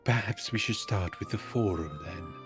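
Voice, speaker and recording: Brief: young male streamer, lowish voice, teasing, mock-grand dialogue reads, faint game music behind. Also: moderate pace. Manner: teasing, mock-solemn line reading. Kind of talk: casual gaming banter mixed with dramatic readings.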